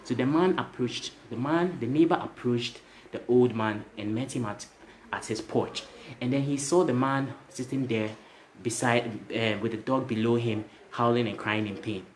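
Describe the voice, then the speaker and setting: A man's voice: medium pitch, normal speed. A man giving a motivational story to livestream viewers, repeating himself and tagging his lines with "right?". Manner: repetitive, tags lines with "right?"; addresses viewers directly. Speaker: motivational speaker.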